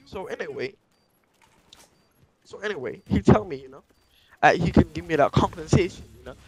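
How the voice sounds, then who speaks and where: High-voiced man rambling profane gameplay commentary. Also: expressive, normal speed, darkish tone, rough recording. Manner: profane, says "you know" constantly, broken grammar. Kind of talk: rambling comic storytelling over gameplay.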